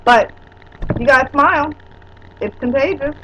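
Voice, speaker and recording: Chatty high-voiced woman on a webcam. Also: measured pace, heavy background noise. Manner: chatty and rambling, teasing. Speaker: vlogger. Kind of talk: casual webcam chat. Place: at home indoors.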